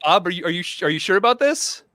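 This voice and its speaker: A man's voice: sits high, animated, quick pace, bright, forceful tone, no echo, studio quality. A man hosting an online comedy show, playing the exasperated straight man in scripted banter.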